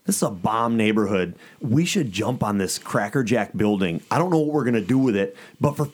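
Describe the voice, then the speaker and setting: Animated man telling a business story. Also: fairly low pitch, a little fast. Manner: animated storyteller who acts out quoted dialogue in a raised voice. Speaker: ice cream shop owner. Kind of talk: casual storytelling in conversation.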